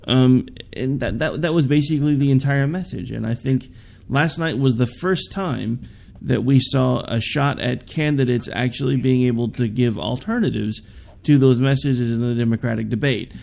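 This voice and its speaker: Man, talk show host, very gravelly voice, opinionated and sarcastic, casual political chat. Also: medium pitch, normal speed. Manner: opinionated, animated, sarcastic asides. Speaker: podcast host.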